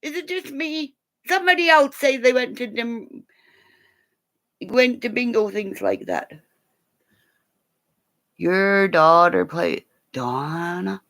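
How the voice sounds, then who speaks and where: A middle-aged woman chatting casually with her live viewers, excitable, gasping and laughing often. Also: medium pitch, takes it slowly, pauses often. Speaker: livestream host. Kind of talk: casual live-chat stream.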